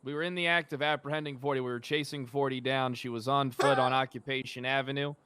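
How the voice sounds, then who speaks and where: A man's voice: mid-range voice, steady tone, quick pace, fairly bright tone, smooth, no echo, natural voice. A man roleplaying a blustering police officer who gives mock-formal testimony in court. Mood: testifying.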